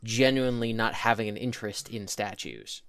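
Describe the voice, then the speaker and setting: A man's voice: fairly low pitch, fairly even intonation, moderate pace, over a noisy crowd. A young man co-hosting a casual podcast, telling stories in an easygoing way and stretching words out to make a point. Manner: easygoing, drawls words out when making a point. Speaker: podcast co-host. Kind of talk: casual storytelling chat.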